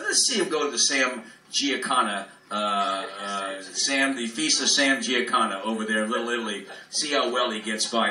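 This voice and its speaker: A man's voice: medium pitch, bright, forceful tone. A man doing a live stand-up set as a comedian, in a profane, rambling, free-form ad-libbed rant. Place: club room, live in front of an audience. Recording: roomy echo, distant mic, faint room noise.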